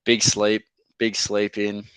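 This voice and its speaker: Laid-back young Australian man, smooth voice. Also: fairly low pitch, completely flat delivery, slow pace, a bit bright, no room sound. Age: young adult. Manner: laid-back, laughs through his stories. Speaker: rugby league player, guest. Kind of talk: casual storytelling interview. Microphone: podcast microphone.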